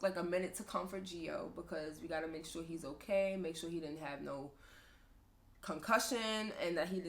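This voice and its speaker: A woman's voice: fairly low pitch, a bit bright. A young woman hosting a podcast, talking candidly and emotionally about motherhood, often laughing. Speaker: podcast host, mother of two sons. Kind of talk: candid personal talk.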